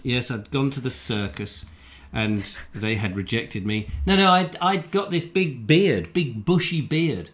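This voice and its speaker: A man's voice: medium pitch, lively intonation, a little slow, few pauses, a bit bright. A man with a lingering cold, hosting a casual live chat show in a rambling, jokey, wry way. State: recovering from a cold. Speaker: show host.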